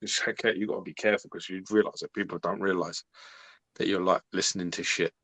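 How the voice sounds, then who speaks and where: Low-voiced British man rambling a story. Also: steady tone, fast talker, a bit bright, dry recording. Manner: rambling storyteller, heavy use of fillers, swears. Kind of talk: casual chat.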